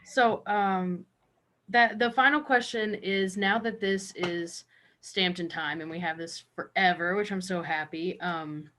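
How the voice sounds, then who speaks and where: A woman's voice: on the low side, fairly even intonation, measured pace, a bit bright, a little hiss or hum. A young woman hosting a podcast, emotional and affectionate as she talks with her mother. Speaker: podcast host. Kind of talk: casual chat.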